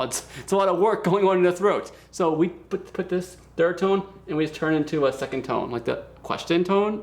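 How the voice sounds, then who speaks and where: Male teacher, casual lesson delivery, gravelly edge, drills words slowly. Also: fairly high pitch. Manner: relaxed, chatty, repeats words slowly for practice. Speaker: language teacher.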